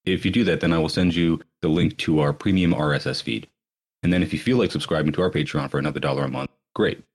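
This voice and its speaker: A podcast host, a man with a very deep voice. He talks quickly in a brisk, chatty way. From United States. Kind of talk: casual podcast talk.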